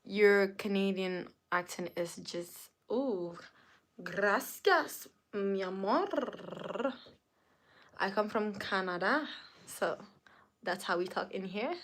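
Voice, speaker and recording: A woman's voice: mid-range voice, steady tone, unhurried. A woman hosting a casual live stream, chatting playfully with viewers, reading their comments aloud and laughing often. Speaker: livestream host.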